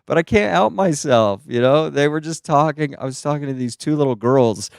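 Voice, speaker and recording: A young man from the United States performs stand-up comedy into a handheld microphone, his voice smooth and resonant in a dry, close sound. He tells his stories in an animated, playful way. He keeps breaking into silly, high-pitched voices for the people he quotes. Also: moderate pace, no room sound. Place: small stage.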